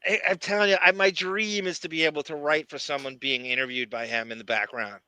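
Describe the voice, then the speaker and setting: A man co-hosting a podcast, talking fast and loose with plenty of swearing and restarts. His voice is bright and up front. The sound is dry and close, with no room in it. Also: fairly high pitch, steady tone, clear, resonant tone, no echo. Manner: quick, profane, self-interrupting, yawns. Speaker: podcast co-host. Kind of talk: casual chat.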